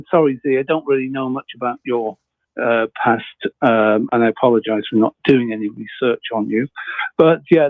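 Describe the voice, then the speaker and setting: A man's voice: on the high side, no room sound. A man from England with a British accent, calling in to a talk show, hesitant with many fillers. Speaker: caller. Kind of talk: phone call into a talk show. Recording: tinny phone line.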